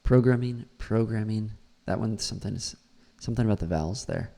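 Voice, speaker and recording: A man's voice: low-pitched, quick pace, gravelly, a little mellow, husky. A man, an English teacher, critiquing a learner's pronunciation and repeating words aloud to model them.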